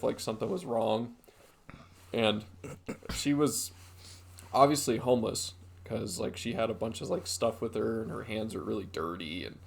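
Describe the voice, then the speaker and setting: A man's voice: on the low side, creaky. A young man co-hosting a podcast, telling a rambling story with lots of fillers in casual chat. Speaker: podcast co-host.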